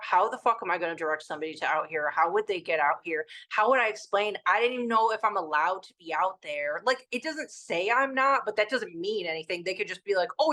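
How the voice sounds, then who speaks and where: A woman's voice: mid-range voice, bright, forceful tone. A woman podcast co-host telling a road trip story in casual chat, swearing constantly and rambling animatedly.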